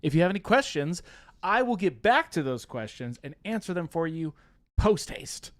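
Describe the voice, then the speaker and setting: A man's voice: on the high side, sing-song, a little fast, a bit bright, no echo. Playful male stream co-host, teasing banter, close dry mic. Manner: playful, teasing, reads chat aloud. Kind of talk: joking live-stream chat.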